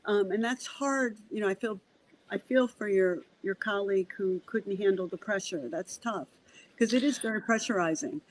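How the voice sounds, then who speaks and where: A woman's voice: medium pitch, normal speed, rough recording. A woman working as a medium, a podcast guest telling stories in a conversational way. She acts out the dialogue and often repeats words as she starts a sentence. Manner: animated, acts out dialogue in quotes. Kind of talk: conversational storytelling.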